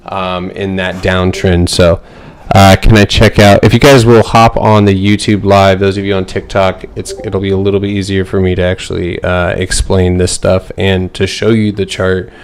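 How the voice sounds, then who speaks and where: A man's voice: low voice, little pitch movement, moderate pace, clean tone. A man hosting a casual trading livestream, going through charts in a loose, filler-heavy way and answering his chat. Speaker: stock trading streamer.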